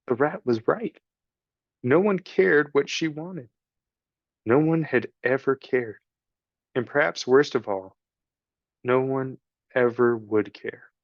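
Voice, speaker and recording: A man narrates a children's storybook in a slow, measured voice of middle pitch. The recording is dull and dry, with no room echo. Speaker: audiobook reader.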